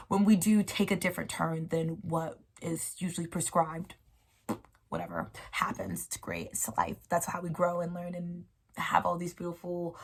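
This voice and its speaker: A woman with a low-set, gravelly voice talks through a casual solo video about spirituality. She wanders off topic and laughs at herself, mixing slang with warm encouragement for her listeners. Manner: rambling, playful, warmly encouraging, slangy. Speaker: host.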